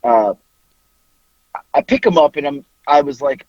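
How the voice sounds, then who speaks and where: A man's voice: mid-range voice, normal speed, pauses often, a little mellow, no echo, highs cut off. A man in his forties telling a long, profane story in a rambling, casual way on a podcast. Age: 40s. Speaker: podcast co-host.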